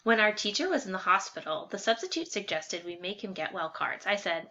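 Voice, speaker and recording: A woman teacher reading a picture book aloud to young students, expressive and animated. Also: mid-range voice, fairly quick. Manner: warm, expressive, animated storytelling. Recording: slightly dull lo-fi with faint hiss.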